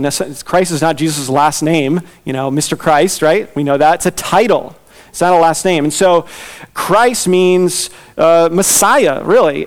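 A man preaching a conversational sermon, animated and chatty, often laughing as he explains. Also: fairly high pitch. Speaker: pastor.

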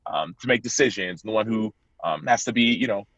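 A man's voice: lowish voice, animated, brisk, a bit bright, dry recording. A man in his thirties, a football player guest on a podcast, telling his story earnestly and acting out old conversations. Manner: earnest, retells dialogue with rising voice. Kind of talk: candid interview storytelling. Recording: dull, dry, lo-fi sound.

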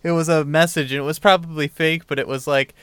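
A podcast co-host in casual chat with a bright, forward voice and a smooth, crisp tone. The voice sounds dry and close, giving short reactions and laughing along. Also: mid-range voice, fairly even intonation, fast, no room sound.

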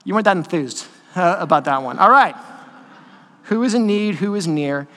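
A high-voiced male pastor preaches a sermon in a church sanctuary, telling stories in a conversational, animated way with quick asides. The recording carries long hall reverb from the church.

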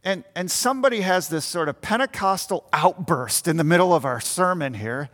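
Preaching in a church meeting room, a male pastor has his congregation envision the scene while he explains it. He speaks at a normal speed in a high-pitched, expressive voice that is a bit bright, and the room's long hall reverb is audible.

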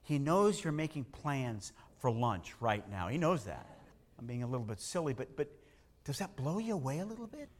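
A man preaching a sermon, animated, swinging between loud emphasis and hushed asides. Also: mid-range voice, moderate pace. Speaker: pastor. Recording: long hall reverb.

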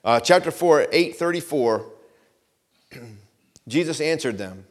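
A man's voice: fairly high pitch, expressive. Earnest man preaching a sermon. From United States. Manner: swings from loud rising preaching to hushed earnest pleading; reads scripture in a slow measured cadence. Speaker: pastor.

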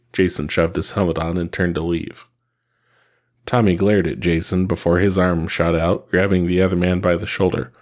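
A man reading fan fiction aloud in a steady, even narration. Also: low voice, normal speed. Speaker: reader.

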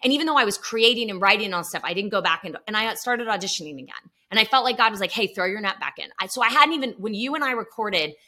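A middle-aged woman, a guest actor, telling stories in a casual podcast chat and acting out quotes with energy. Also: medium pitch. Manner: animated storyteller, quick to act out quotes.

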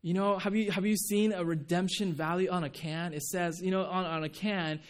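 A man's voice: high-pitched, fairly even intonation, moderate pace. A man preaching a sermon, telling a personal testimony in an earnest, conversational way, with frequent restarts and light laughs. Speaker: pastor.

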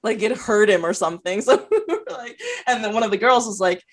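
A young woman co-hosting a podcast tells a story in loose, casual chat, her voice mid-range and her pace brisk. She's animated, laughing often between words and swearing freely.

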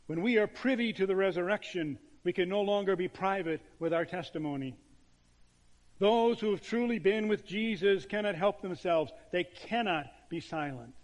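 A man, a pastor, preaching a sermon with emphatic phrasing and dramatic pauses. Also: sits high, in a large hall.

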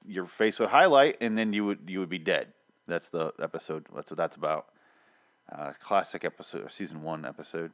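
A man hosting a podcast, chatting casually in a rambling, self-deprecating way. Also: on the low side. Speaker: podcast host.

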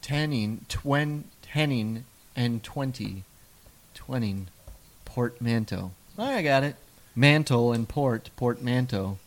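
A man in loose, casual banter, pitched right in the middle for a man. He rambles from joke to joke, restarts his sentences and stumbles through words as he goes. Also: slow. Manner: rambling, jokey, trips over his words. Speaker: podcast co-host. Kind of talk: casual chat.

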